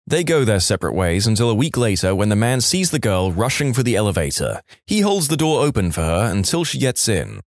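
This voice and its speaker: A man's voice: mid-range voice, moderate pace, hardly any pauses, no room sound, clean studio sound. A man hosting a podcast, narrating jokes with punchline timing. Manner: animated storyteller, punchline delivery. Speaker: podcast host reading jokes. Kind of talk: comedic joke narration.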